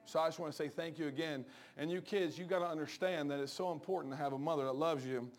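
A middle-aged man, preaching a joking, storytelling sermon that turns soft and low for serious points. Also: fast. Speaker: pastor.

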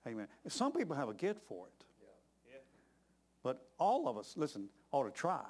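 A man's voice: mid-range voice, wildly swooping pitch, normal speed, a little mellow. A middle-aged man, preaching a sermon in a folksy storytelling way and peppering his talk with "amen.".

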